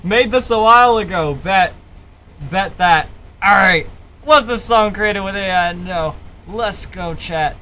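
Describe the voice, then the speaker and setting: A young man hosting a live music review stream, talking in an excitable, profane, rambling way full of fillers. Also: high-pitched, measured pace, a little hiss or hum. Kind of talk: casual live-stream commentary. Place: home streaming setup, wearing headphones.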